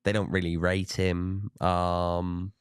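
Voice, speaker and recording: A man's voice: low-pitched, little pitch movement, clear, resonant tone, no room sound, studio quality. A man co-hosting a sports show who weighs his points carefully, with frequent ums. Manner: measured, thoughtful, hesitant with ums. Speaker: co-host. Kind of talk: casual sports analysis.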